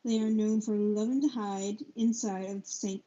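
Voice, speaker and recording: With a steady, dark-toned, mid-range voice, a young woman streams herself reading a book aloud. She halts and stumbles, spells out difficult words, and corrects herself, while her poor microphone yields dull, lo-fi stream sound.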